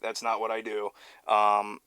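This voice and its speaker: A man's voice: on the low side, monotone, unhurried, sharp tone, smooth, no echo. Casual male studio engineer, dry close mic. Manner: loose and conversational, restarts words, self-described perfectionist. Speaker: mixing engineer. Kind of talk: casual talk to camera. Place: recording studio. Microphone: close studio vocal mic.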